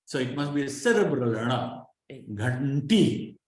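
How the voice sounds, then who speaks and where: A man's voice: mid-range voice, big pitch swings, slow. A man teaching Sanskrit pronunciation in an online class, patiently drilling syllables and often checking in with his students. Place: online class over a video call. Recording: very echoey room sound.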